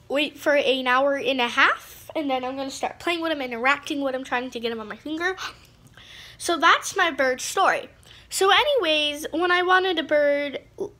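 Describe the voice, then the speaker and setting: High-pitched rambling female vlogger. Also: pushed and bright. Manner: rambling, full of "like" and restarts. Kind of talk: casual chat to camera.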